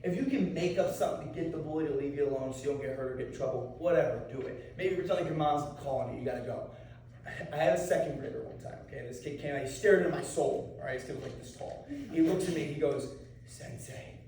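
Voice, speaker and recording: A man's voice: a little high, fast talker, warm tone, slight background noise. Man teaching a class in an echoey room. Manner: casual, keeps checking in with "okay?". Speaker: martial arts instructor. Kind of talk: anti-bullying talk to a class. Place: school room with students. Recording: echoey room, mic far off.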